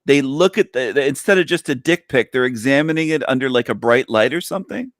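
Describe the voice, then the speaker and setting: A man's voice: expressive, fairly quick, no echo. Laughing man on a dry home mic. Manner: bursts into high laughter, reads chat aloud. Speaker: livestream co-host. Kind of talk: casual livestream chat.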